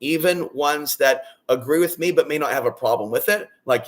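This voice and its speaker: A man talking straight to his viewers in a loud, booming, rambling monologue that swings between excited bursts and low, hushed stretches. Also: normal speed, few pauses. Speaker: vlogger.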